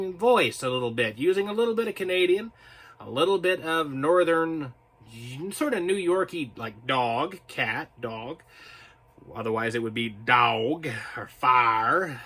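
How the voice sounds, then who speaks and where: A man talks straight to his viewers, reading their comments and drifting into loose stories. His voice sits a little high and comes across bright and forceful. The delivery is casual and self-mocking. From North Carolina, US. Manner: rambling, chatty, self-mocking, laughs at own jokes. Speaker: video host.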